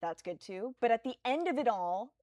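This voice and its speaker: Brisk woman explaining the schedule. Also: fairly high pitch, animated, darkish tone, no echo. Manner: brisk, explaining plans step by step. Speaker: stream co-host. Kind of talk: casual live-stream chat.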